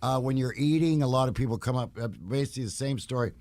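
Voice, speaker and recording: A man's voice: medium pitch, fast, darkish tone, dry recording. A man as a studio podcast guest, rambling through anecdotes with laughs. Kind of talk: casual storytelling chat.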